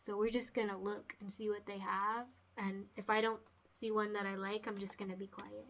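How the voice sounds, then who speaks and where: Woman picture book author, casual vlog chat, giggly and emotional, bright tone. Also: medium pitch, level tone, moderate pace, slight background noise.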